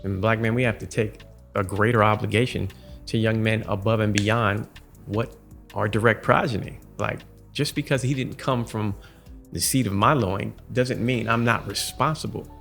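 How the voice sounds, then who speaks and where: Deep gravelly dude on a podcast, measured and articulate, faint music in the back. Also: male voice, steady tone, fairly bright tone. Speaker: podcast co-host. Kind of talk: casual chat.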